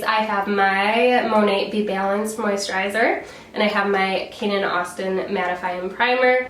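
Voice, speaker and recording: A woman's voice: mid-range voice, fairly bright tone. A young woman filming a casual get-ready-with-me makeup tutorial, chatty and upbeat, her voice nasal from a cold. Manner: chatty and upbeat, laughs often. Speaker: beauty vlogger. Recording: roomy sound from a distant camera mic, faint hiss.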